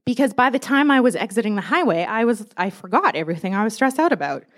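A young adult woman giving a casual, chatty sermon. She is animated and self-deprecating, and she laughs often. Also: a little high, quick pace. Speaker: church speaker.

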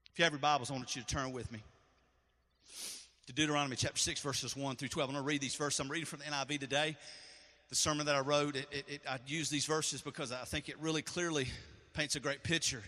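A middle-aged man preaching a sermon, telling a personal story with strong emotion and swinging between loud and soft. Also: a little high, fairly even intonation, fast. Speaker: pastor. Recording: echoey hall.

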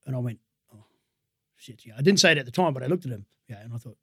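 A man's voice: medium pitch, animated, fast, pushed and bright, slightly rough, no echo, clean studio sound. An Australian man, a sports team's head of performance, telling rambling stories in a casual interview and laughing at his own tales.

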